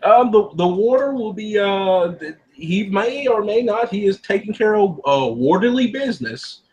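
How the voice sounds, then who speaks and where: Man player, casual, slightly high voice, leans on filler words. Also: expressive, normal speed, lo-fi sound. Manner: casual, repeats "basically". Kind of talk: playing a tabletop role-playing game.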